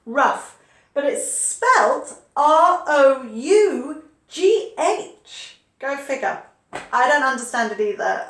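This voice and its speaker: A high-voiced woman teaches spelling to learners, taking her time and spelling words out letter by letter. She is heard in an echoey room. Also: fairly bright tone. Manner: patient, explains slowly, spells words out letter by letter. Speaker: English teacher. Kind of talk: online English spelling lesson.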